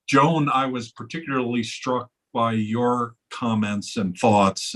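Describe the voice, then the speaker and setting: A man closes an online meeting in a low, husky voice. He sounds earnest and a little apologetic, and he often repeats and restarts his words as he thanks the speakers. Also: fairly bright tone. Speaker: host. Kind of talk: closing remarks on a video call.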